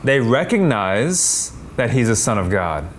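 A man preaching a sermon, animated, acting out quoted lines with a raised, louder voice. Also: unhurried, a little hiss or hum. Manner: animated, acts out quotes with rising pitch and loudness. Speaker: pastor.

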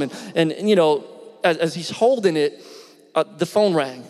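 A middle-aged pastor from Philadelphia preaches a storytelling sermon with a voice pitched a bit higher than most men's. He talks in an animated, conversational way and asks the congregation questions as he goes. The sound rings out with a long reverb. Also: normal speed.

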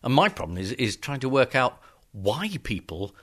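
A man's voice: medium pitch, big pitch swings, normal speed, a bit bright. Weary, sardonic male editor. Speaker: magazine editor. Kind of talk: conversational podcast chat.

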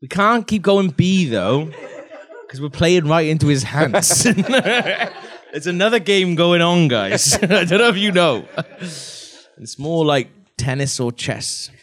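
A man's voice: on the high side, lively intonation, measured pace, a bit bright. A man joking around as a player, giggly and teasing in casual banter.

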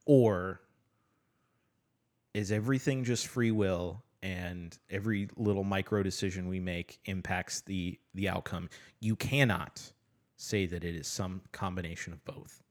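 Low-voiced man asking questions casually. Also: unhurried. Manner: relaxed, filler-heavy questioning. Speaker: podcast co-host. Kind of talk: casual book discussion.

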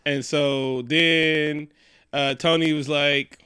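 Bright-voiced man in loose, profane chat. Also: on the high side, brisk, no echo, studio quality. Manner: profane, joking, animated storytelling. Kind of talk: casual movie recap chat.

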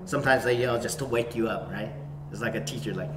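A man pastor preaching a sermon to a camera, swinging from hushed whispers to sudden shouts. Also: medium pitch, animated, brisk. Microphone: facing a camera. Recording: echoey hall, faint room noise.

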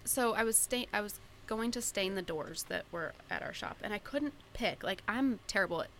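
A woman chatting on a podcast, telling a story with animated, dialogue-filled storytelling. Her voice sits at an ordinary middle pitch. A faint hiss of noise is heard behind her. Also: moderate pace. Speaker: podcast co-host. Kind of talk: casual chat.

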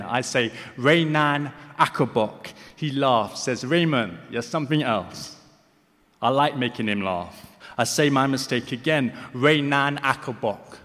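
A deaf man performing spoken word poetry on stage, with slightly slurred speech, moving between rhythmic recitation and soft, hesitant asides to the audience. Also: medium pitch. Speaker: poet performing. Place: large hall on stage. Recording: live hall reverb.

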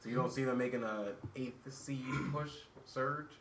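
A man's voice: mid-range voice, steady tone, measured pace, far from the mic. A man hosting a casual sports podcast, teasing his co-hosts and steering the talk. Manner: hyping, teasing, asks questions. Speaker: podcast host. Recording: roomy and noisy, off-mic.

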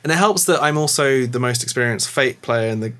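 Casual podcast talker, male, bright voice, rambles with fillers. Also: medium pitch, a little fast. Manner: rambling, lots of filler words. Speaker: tabletop game player and game master.

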